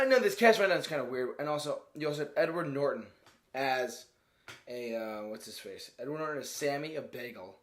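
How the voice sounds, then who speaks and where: A man giving a casual, rambling movie review, often stopping to search for words and laughing as he goes. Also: mid-range voice. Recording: roomy echo.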